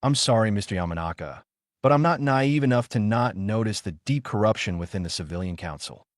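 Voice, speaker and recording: A man voicing a young male ninja who is cool-headed but quick to anger. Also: fairly low pitch, lively intonation, no room sound, studio quality, close to an everyday voice. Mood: angry.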